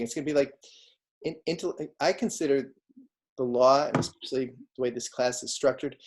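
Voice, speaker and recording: A man lecturing on law over a video call, with a mid-pitched voice. He speaks conversationally and keeps asking his students whether they follow. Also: a little mellow. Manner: conversational, asks students frequent questions. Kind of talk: online lecture.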